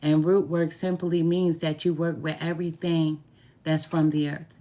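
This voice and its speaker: Low-voiced, chatty woman tarot reader. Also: little pitch movement, normal speed, warm tone. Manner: chatty, repeats phrases for emphasis; heartfelt, openly grateful. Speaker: tarot reader and root worker. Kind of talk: casual talk to camera.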